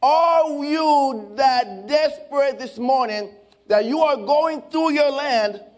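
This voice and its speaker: High-voiced pastor preaching slowly over music. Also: male voice. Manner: slow, impassioned preaching with dramatic pauses. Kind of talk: sermon. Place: church sanctuary.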